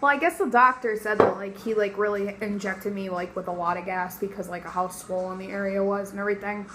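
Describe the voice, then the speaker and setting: A young woman telling a story casually in a vlog, animated and profane, full of fillers, sore after surgery. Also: medium pitch, brisk, very noisy. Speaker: vlogger.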